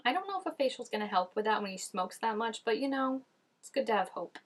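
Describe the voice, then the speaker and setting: A woman with a fairly high, expressive voice talks fast as she hosts a reaction video. She chats casually about the scenes she's watching, saying "like" constantly.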